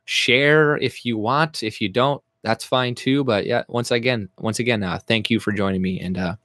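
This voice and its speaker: Young guy from Canada, streamer, rambling and profane, mid-pitched voice, dry close sound. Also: moderate pace, a bit bright, no room sound. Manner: reads chat aloud and answers it. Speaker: livestream host. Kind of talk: casual livestream chat.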